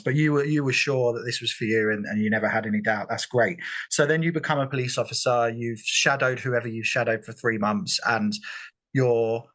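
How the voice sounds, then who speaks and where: British man hosting an interview podcast. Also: mid-range voice. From United Kingdom. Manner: warm, encouraging, rambling questions. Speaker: podcast host. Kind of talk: conversational interview.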